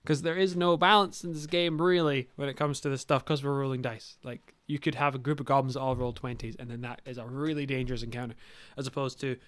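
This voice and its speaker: A man's voice: mid-range voice, fairly even intonation, fast, fairly bright tone, clean tone, dry recording. A young man hosting a podcast, giving blunt, sweary, rambling advice to new dungeon masters in casual talk. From Scotland.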